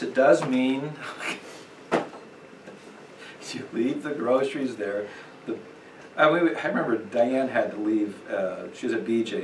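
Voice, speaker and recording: A man teaching a church parenting class in an emphatic, conversational way, acting out quotes and chuckling often. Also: medium pitch. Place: church meeting room. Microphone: distant room mic. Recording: echoey room, distant mic, faint noise.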